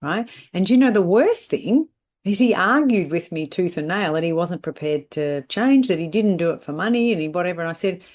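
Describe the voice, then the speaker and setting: A woman's voice: fairly low pitch, lively intonation, a little fast, darkish tone. Blunt, emphatic woman coach. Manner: blunt, emphatic, repeats catchphrases and asks "right?". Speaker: salon business coach. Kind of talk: podcast monologue.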